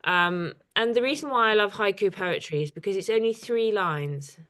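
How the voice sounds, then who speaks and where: Woman running a little poetry workshop on a video call, lots of ums, chatty and a bit scattered, normal pitch. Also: moderate pace, a bit bright. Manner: chatty, hesitant with many fillers. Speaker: artist leading a poetry workshop. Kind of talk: informal workshop teaching.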